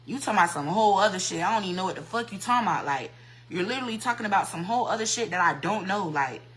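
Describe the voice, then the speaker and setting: Woman, livestream rant, fiery and foul-mouthed, repetitive, tense bright voice. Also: medium pitch, expressive, very fast, low-quality recording. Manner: heated, profane, repetitive ranting. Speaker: hairstylist on a livestream.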